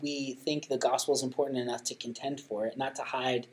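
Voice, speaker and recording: Thirties male co-host, earnest and emphatic, casual chat, plenty of restarts, mid pitch. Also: little pitch movement, fairly quick, rough recording. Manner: earnest, many restarts, rising emphasis on key points. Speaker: podcast co-host giving parenting tips.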